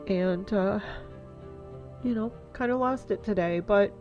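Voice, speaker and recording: A woman's voice: mid-range voice, measured pace, a little mellow, soft background music. A middle-aged woman vlogging in a casual heartfelt monologue, rambling with lots of fillers, stuffy-nosed and teary. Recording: dull lo-fi dry sound.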